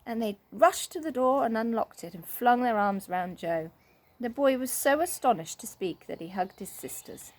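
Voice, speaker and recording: A woman reading a children's story aloud, expressive and animated. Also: a little high, normal speed.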